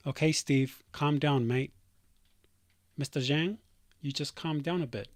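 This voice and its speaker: A man's voice: a little high, slow pace, long pauses, a little mellow, no echo, studio quality. A developer streamer talking casually to his chat, reading comments aloud with dismissive, rambling asides.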